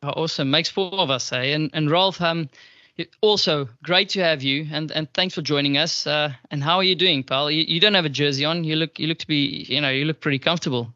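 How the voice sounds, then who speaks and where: Bright South African man hosting. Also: on the high side, fairly quick, no echo. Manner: chatty, stumbling over words. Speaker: podcast host. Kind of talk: casual hosted chat. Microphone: video call. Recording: muffled video call audio.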